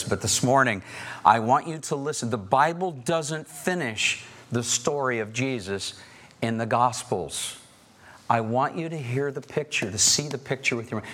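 A man leading a church service as pastor, moving between hushed earnest prayer and emphatic preaching. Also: medium pitch. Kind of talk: sermon and prayer. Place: church sanctuary.

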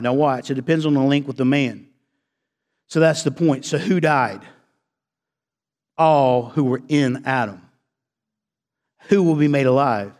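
A pastor preaching to his congregation, his voice sitting a little high for a man. He throws questions out for the people to answer and climbs in pitch and force as he presses a point. The sound rings with the long reverb of a church hall. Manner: preaching with call-and-response to the congregation. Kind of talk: sermon.

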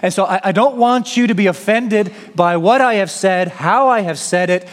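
A man's voice: sits high, normal speed, long reverb tail. A man preaching an expository sermon, emphatic, sometimes paraphrasing the apostle in the first person.

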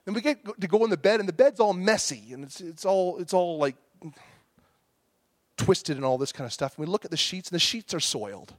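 A man's voice: high-pitched, animated, fairly quick, dry recording. A man, preaching a sermon and telling a story about himself, acting out his own angry outbursts.

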